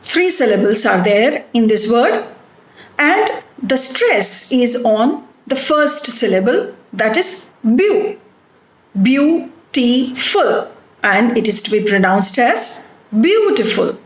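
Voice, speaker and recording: Indian english lady teaching phonetics, slow and careful, repeats words, kinda echoey. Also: on the high side, big pitch swings. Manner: slow, deliberate, repeats words to model stress. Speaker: lecturer. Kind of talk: recorded phonetics lecture.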